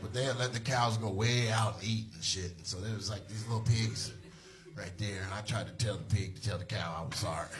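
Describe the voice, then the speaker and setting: A male stand-up comedian telling a story on stage to a live audience, loud and animated, laughing through his punchlines and swearing freely. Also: lowish voice, fairly quick.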